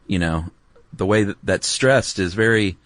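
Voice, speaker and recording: A man with a very low voice co-hosting a podcast in casual chat. He meanders through his points with hesitations and side remarks. The recording is close and dry. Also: a little slow, a bit bright, no echo. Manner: laid-back, meandering, hesitant with ums and asides. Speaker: podcast co-host.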